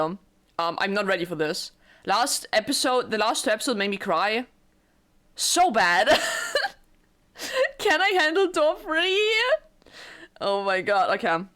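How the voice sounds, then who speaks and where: A young woman giving casual, rambling let's-play commentary, excitable and full of swearing. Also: medium pitch. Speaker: gaming YouTuber.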